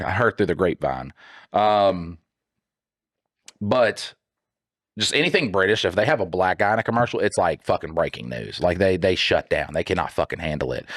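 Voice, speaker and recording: A man from the United States rants on a podcast with a fairly low voice. He mocks and swears heavily, and drops into silly put-on voices. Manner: loud, mocking, heavy swearing, puts on silly voices. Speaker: podcast co-host. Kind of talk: profane comedic rant.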